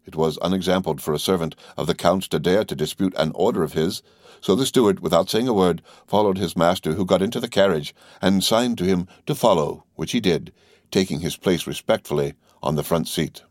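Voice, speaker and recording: A man narrating a classic novel as an audiobook reader, in a steady, unhurried way. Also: sits low, no echo, clean studio sound. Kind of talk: scripted narration.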